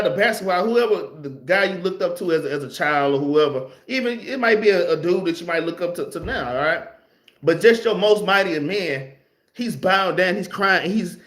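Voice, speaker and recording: A man's voice: high-pitched, a bit bright. A man teaches a casual Bible class, reading verses aloud and explaining them in a loose, conversational way that keeps ending phrases with "man.". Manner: reads scripture aloud, then explains it.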